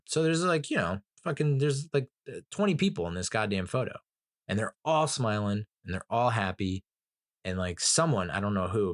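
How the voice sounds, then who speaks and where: Male host, low voice, dry close sound; loose, profane, emotional monologue review. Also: no room sound. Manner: emotional, rambling, swears a lot. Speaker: movie reviewer. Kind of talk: casual movie review monologue.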